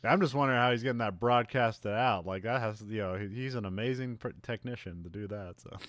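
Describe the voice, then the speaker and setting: A man's voice: lowish voice, brisk, fairly bright tone, no room sound. Laughing, rambling man recapping a movie. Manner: laughs often, rambling with many fillers. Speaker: podcast co-host. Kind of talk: casual movie recap chat.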